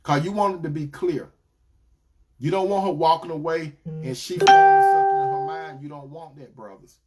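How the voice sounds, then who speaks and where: Man with a fairly high voice, preaches relationship advice, repeats his points, swings between loud emphatic lines and soft asides. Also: fairly even intonation, normal speed, loud music behind the voice. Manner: repetitive, addresses listeners as brothers and sisters. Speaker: Christian relationship advice speaker. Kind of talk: preaching-style advice talk.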